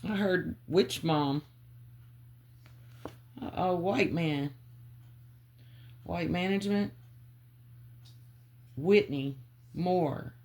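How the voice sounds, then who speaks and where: A woman giving a channeled psychic reading, calling on spirit and muttering names and clues in halting bits. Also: on the low side, darkish tone. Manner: halting, muttering free association. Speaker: psychic reader.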